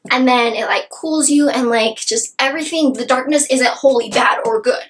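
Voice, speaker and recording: Young woman, high voice, casual book-review vlogger, gushy and rambling with constant "like"s. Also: normal speed. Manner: gushing, filler-heavy with many "like"s.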